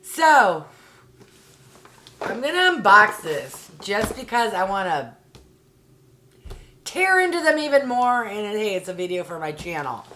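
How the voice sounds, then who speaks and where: A woman's voice: mid-range voice, sing-song, a little slow, a bit bright, slight background noise. A woman reviewing a beauty subscription box in a casual unboxing vlog, chatty and full of "like" and "um", with a heated, exasperated way of ranting. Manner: chatty, uses fillers like "like" and "um".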